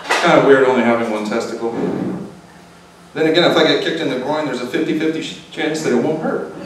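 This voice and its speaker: Young man doing deadpan stand-up. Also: medium pitch, fast talker. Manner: deadpan, self-deprecating. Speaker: stand-up comedian. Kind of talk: stand-up routine. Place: open mic in a restaurant bar. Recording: echoey room, distant mic, background noise.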